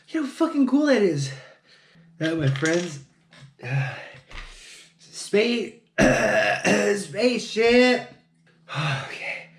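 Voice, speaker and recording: This man's high, slightly bright voice swings widely in pitch and moves extremely slowly, with long pauses. Building something on camera in a casual solo vlog, he mumbles, mocks himself, and swears plenty, all in an echoey room.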